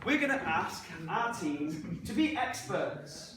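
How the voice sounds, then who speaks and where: A man's voice: high-pitched, big pitch swings, slow. An English man hosting a live improv comedy show, upbeat and polite, with many fillers. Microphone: video call. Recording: echoey, distant online call with crowd.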